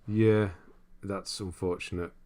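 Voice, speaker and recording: This low-voiced young man takes his time as he hosts a casual game stream. He wanders loosely through what viewers have written, often breaking into laughter along the way.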